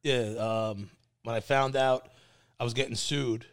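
A man telling wild stories in casual talk, acting out quotes with sudden high voices. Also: measured pace, clear, resonant tone. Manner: animated storyteller, acts out quotes in a high voice. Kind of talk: casual storytelling.

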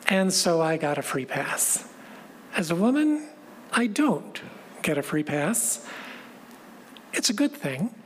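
A woman with a somewhat low voice delivers a reflective, measured sermon, repeating key phrases as she goes. Her words ring out with a long reverb in a large sanctuary, over a faint background hiss. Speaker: pastor.

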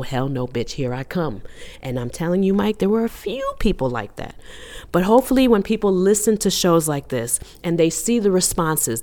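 A woman co-hosting a podcast who speaks on the low side, and her voice swings widely as she talks. She is blunt and profane, and she rises into loud indignant rants during casual chat. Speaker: podcast co-host.

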